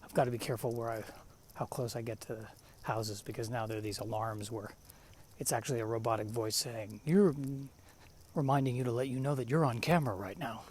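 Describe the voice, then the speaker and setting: A man's voice: medium pitch, flat delivery, fast talker, slight background noise. Wry man talking while walking outdoors. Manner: rambling, self-deprecating, wry. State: a bit winded from walking. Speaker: podcast host. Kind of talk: casual solo monologue. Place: outdoors on a residential street.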